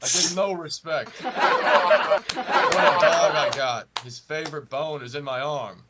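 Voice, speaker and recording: A man doing an impression of a gruff, self-pitying old-school male comedian, firing off self-deprecating one-liners on a comedy podcast. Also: fairly high pitch, huge pitch swings, takes it slowly, very noisy, full character voice. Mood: aggrieved.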